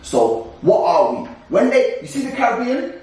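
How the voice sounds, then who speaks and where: A young man, co-hosting a casual discussion podcast in an animated, ranting way with frequent laughs. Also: very high-pitched, moderate pace, distant mic. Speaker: co-host. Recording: echoey room, voice away from mic.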